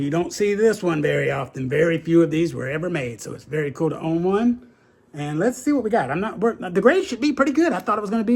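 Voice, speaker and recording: Gravelly, enthusiastic man showing off comics. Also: a little high. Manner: enthusiastic and folksy, repeats "very cool" and "that's right". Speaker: comic book collector and video host. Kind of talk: casual unboxing chat.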